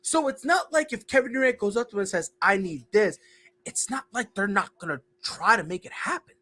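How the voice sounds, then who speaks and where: A man's voice: sits high, expressive, brisk, pushed and bright. A man hosting a casual sports podcast, ranting and joking about wrestling and basketball. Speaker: podcast host.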